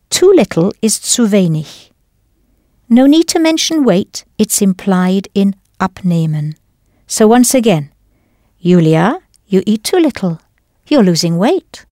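A woman's voice: medium pitch, a little mellow, dry recording, clean studio sound. A woman teaching a scripted language lesson, enunciating carefully and prompting the listener with questions.

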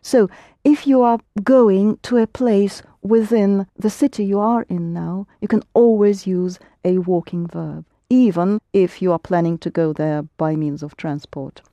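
A woman teaching a lesson, patiently prompting students and correcting them, slowing down to model phrases. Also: mid-range voice, mellow, dry recording. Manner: patient, prompting and correcting, slows for Russian words. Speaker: Russian language teacher.

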